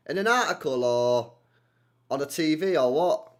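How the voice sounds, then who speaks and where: A man's voice: a little high, moderate pace. A young man chats casually on a livestream, answering viewer comments in slangy speech full of tag questions. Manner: animated, slangy, repeats himself with many tag questions. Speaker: streamer hosting a football watchalong.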